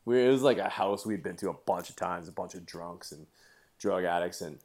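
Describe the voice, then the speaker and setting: Middle-aged guy, lower voice, animated swearing raconteur for a chatty podcast. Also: brisk. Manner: animated storyteller, swears, laughs while telling. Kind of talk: casual chat.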